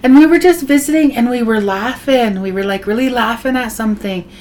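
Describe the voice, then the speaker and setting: A woman telling a ghost story on a podcast in a casual, animated way, acting out other people's lines and laughing often. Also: on the high side, a little fast, a little hiss or hum. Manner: animated, acts out others' voices in her tales. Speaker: podcast guest, host's wife.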